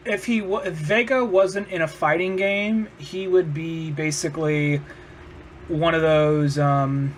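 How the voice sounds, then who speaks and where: A man's voice: fairly high pitch, steady tone, a little slow, a little hiss or hum. A man co-hosting a podcast, joking and swearing in casual chat, quoting characters in put-on voices. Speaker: podcast co-host.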